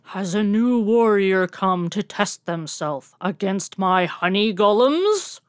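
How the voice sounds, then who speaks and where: A woman voicing a tornado of bees that speaks like a formal warrior, slow and booming. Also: expressive, clear, resonant tone, no echo, clean studio sound. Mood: challenging. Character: swarm of bees forming a buzzing warrior voice.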